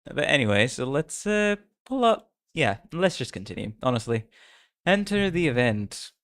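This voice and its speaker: A man's voice: medium pitch, very animated, moderate pace, fairly bright tone. A man streaming a story game, chatting casually in a playful, self-mocking way and laughing often. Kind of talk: casual live-stream chat while reading a game story.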